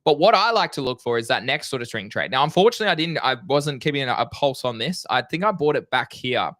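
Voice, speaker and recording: A young man co-hosting a casual crypto trading live stream, energetic and slangy. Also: mid-range voice, fast, no echo, studio quality. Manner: energetic, excitable, slangy, swears.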